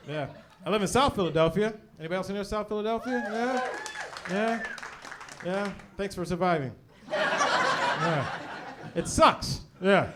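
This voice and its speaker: Man, stand-up comic, high voice, animated, noisy club recording with laughter. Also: unhurried, pauses often, crowd noise. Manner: animated, tags jokes with "right?". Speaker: stand-up comedian. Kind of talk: stand-up comedy set. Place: comedy club stage. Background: audience laughter.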